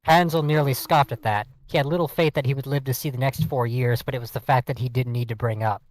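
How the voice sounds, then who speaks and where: A man's voice: mid-range voice, fairly even intonation, fast talker, no room sound, rough recording. A man hosting a podcast, reading fan fiction aloud for laughs. He stumbles over the text and cuts in with joking asides. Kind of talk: comic dramatic reading.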